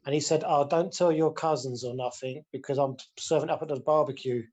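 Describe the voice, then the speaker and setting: A man's voice: on the high side, steady tone, brisk, a little mellow. A man telling a profane, laughing story in a casual group voice chat.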